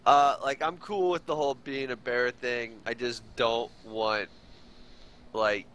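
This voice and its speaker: A man's voice: medium pitch, fairly even intonation, slow pace, fairly bright tone. A man playing a tabletop game, talking in a hesitant, laid-back way with laughter. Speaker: player. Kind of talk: casual chat at a tabletop game.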